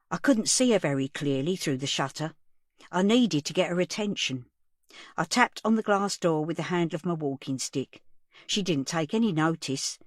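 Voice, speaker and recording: A woman narrates an audiobook in a plain storytelling manner. Her voice sits on the low side. The studio recording is close and dry, with no room sound. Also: no room sound. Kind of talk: first-person audiobook narration.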